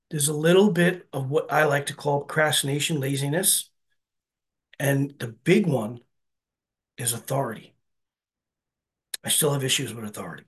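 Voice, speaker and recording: A man's voice: fairly high pitch, husky. A man giving an earnest, conversational personal share at a recovery meeting, often checking in with his listeners. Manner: earnest, conversational, keeps asking "right?". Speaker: speaker sharing at a recovery meeting.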